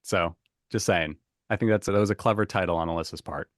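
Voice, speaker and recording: A man hosting a podcast quiz game, chatty and quick to laugh as he reads out the options. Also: low voice, no echo, studio quality. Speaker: quiz host.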